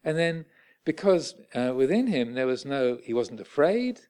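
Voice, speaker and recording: A man, a Buddhist monk giving a dharma talk in a halting way with many pauses and restarts. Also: mid-range voice, very animated, a little mellow, smooth.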